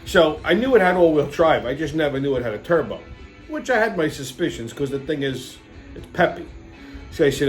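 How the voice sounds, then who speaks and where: A man's voice: medium pitch, fairly quick, soft background music. A man in his fifties hosting his own show, ranting casually and profanely with lots of animation. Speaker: host. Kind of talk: casual monologue.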